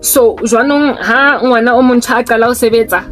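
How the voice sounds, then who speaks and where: A woman's voice: fairly high pitch, fairly quick, a bit bright, faint music behind. A South African woman with a South African accent, delivering an impassioned, scolding commentary monologue and mixing English with local languages. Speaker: online preacher and commentator.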